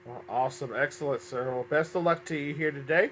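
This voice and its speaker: A man's voice: fairly high pitch, a little fast, a crowd in the background. A man hosting a fan-made game show, upbeat but often stumbling and correcting himself, a little under the weather.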